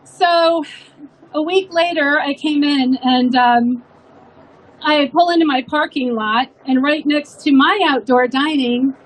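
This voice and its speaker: A woman's voice: high-pitched, a little hiss or hum, poor audio. A woman, a restaurant owner, telling an emotional story in an earnest rally speech.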